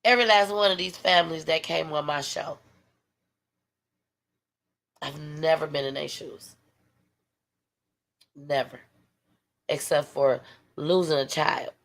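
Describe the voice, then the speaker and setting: A woman's voice: deep voice, steady tone, slow, creaky, pauses often. A woman hosting a livestream, talking heartfelt and tired to her viewers, sometimes dropping to a whisper. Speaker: livestream host. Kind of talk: emotional livestream talk.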